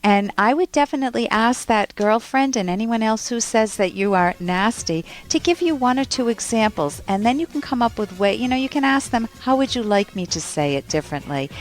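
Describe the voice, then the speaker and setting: A woman's voice: mid-range voice, animated, brisk, hardly any pauses. A woman who hosts a psychology call-in show, coaching a caller with emphatic role-played lines. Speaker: radio call-in host, psychologist.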